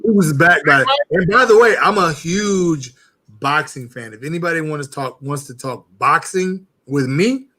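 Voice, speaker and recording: A man's voice: on the high side, normal speed, pushed and bright. A man talking casually as a guest on a live barbecue stream, rambling with many restarts.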